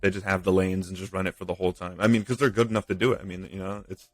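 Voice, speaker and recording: A man co-hosting a casual gaming podcast, easygoing, chiming in with quick agreements and his own stories. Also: low-pitched, flat delivery, no room sound. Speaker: podcast co-host. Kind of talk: casual chat.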